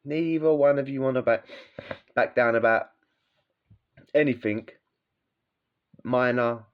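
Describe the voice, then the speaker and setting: A man's voice: mid-range voice, takes it slowly, clear, resonant tone. A man with a British accent telling prison stories in a casual, slangy way, swearing freely and laughing as he talks. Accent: British English. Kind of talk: casual storytelling. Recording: dull lo-fi sound.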